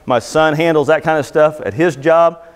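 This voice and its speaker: A middle-aged man gives a motivational seminar talk to a live audience in a seminar room, his fairly high voice at normal speed with a long reverb tail. He's a folksy, joking storyteller, casual and conversational, full of anecdotes.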